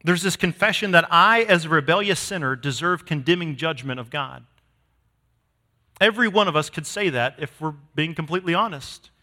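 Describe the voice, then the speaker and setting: A man preaching a sermon to his congregation, emphatic, swinging from loud declarations to hushed lines. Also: on the high side. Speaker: pastor. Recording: long hall reverb.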